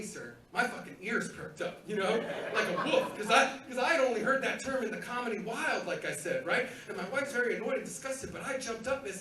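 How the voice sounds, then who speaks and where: A middle-aged man doing a live stand-up set on a club stage, with loud, rowdy crowd work and squealing high put-on voices. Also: slight background noise. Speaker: stand-up comedian. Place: comedy club theater stage. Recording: roomy live theater sound from a distance.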